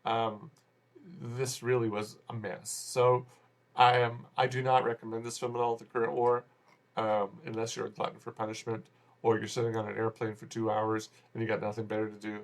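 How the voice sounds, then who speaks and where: A man's voice: fairly low pitch, completely flat delivery, moderate pace. A man giving a casual spoken movie review, rambling and exasperated, often restarting his sentences. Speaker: film reviewer.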